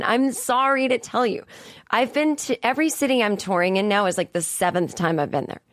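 A woman's voice: a little high, fairly quick, no room sound. A woman in her forties from the Boston area, ranting casually and profanely as a comedian hosting her own podcast from a studio. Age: 40s. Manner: profane, exasperated rant with frequent emphatic rises. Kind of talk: casual monologue. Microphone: studio mic.

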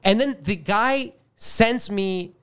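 A man hosting a podcast, telling a story in a self-mocking, animated way. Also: high voice, slow pace, clean tone. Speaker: podcast host. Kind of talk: casual storytelling chat.

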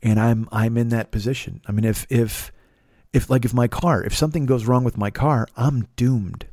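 A man's voice: mid-range voice, moderate pace, darkish tone, no room sound, clean studio sound. A middle-aged man and comedian telling a rambling, profane story in a casual monologue, often restarting and repeating words. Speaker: comedian and podcast host.

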